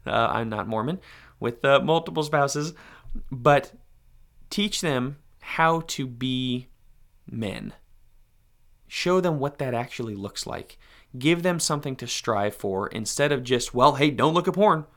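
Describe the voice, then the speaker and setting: A man's voice: mid-range voice, expressive, slow pace, fairly bright tone. A man hosting a podcast, giving earnest, direct advice to fathers in a conversational monologue. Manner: earnest, direct, speaks to fathers in second person. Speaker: podcast host.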